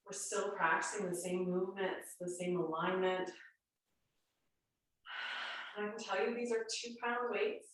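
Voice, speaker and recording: A woman's voice: mid-range voice, a bit bright. A woman instructor talks a home exercise class through each move in a chatty, reassuring way, her voice congested and nasal. She sounds set back from the camera mic, and the room rings with heavy echo. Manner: chatty, reassuring coaching cues. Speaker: fitness instructor. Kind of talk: guided home workout instruction. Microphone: camera mic at a distance. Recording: very echoey room, voice far from mic.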